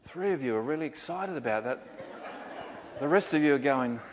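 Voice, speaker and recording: An older man preaching a sermon as pastor, animated and full of rhetorical questions. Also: fairly high pitch, moderate pace, background noise. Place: church hall. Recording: dull sound with long hall reverb.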